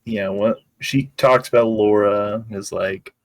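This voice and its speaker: A man's voice: fairly low pitch, steady tone, measured pace, no echo. A man co-hosting a podcast, recapping an episode in loose, joking, profane chat. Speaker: podcast co-host.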